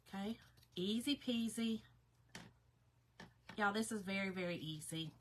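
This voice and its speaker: A woman's voice: mid-range voice, expressive, moderate pace, long pauses, sharp tone, slight background noise. A woman hosting a casual craft livestream, chatting to viewers and reading their comments aloud, stumbling over words because her mouth is sore.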